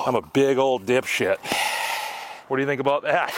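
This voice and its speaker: A man's voice: mid-range voice, normal speed, slight background noise. A man talking casually to the camera while fishing and cooking outdoors in the woods, joking and mocking himself. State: out of breath at times. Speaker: outdoor vlogger. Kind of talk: casual outdoor vlog talk.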